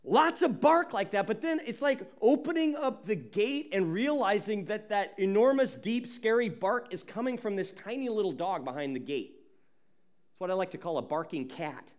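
A man preaching a sermon as pastor, emphatic and animated, often repeating words as he builds. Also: high voice, moderate pace.

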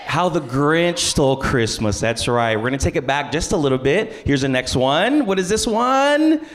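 A man in his thirties preaching a family church service, lively and playful, working the crowd with call-and-response. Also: on the high side, moderate pace, noisy background. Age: 30s. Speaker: pastor. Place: large church auditorium.

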